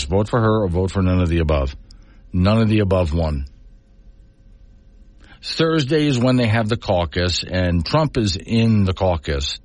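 A man's voice: sits low, no room sound. A middle-aged man hosting a call-in talk radio show, talking in an emphatic, conversational way with rambling asides. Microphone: studio microphone.

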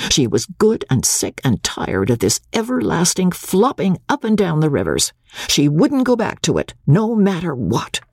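Animated, gravelly male audiobook narrator. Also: a little high, no echo, clean studio sound. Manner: animated, theatrical delivery. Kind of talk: expressive novel narration.

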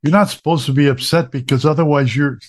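A man's voice: on the high side, fairly even intonation, fast talker. Blunt wry male talk-show host. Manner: blunt, wry, tells anecdotes. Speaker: podcast host. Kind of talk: opinionated talk show chat.

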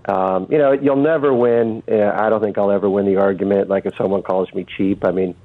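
A man calling in as a guest on a radio show, speaking haltingly with many fillers and restarts over a phone line. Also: on the low side, fairly even intonation.

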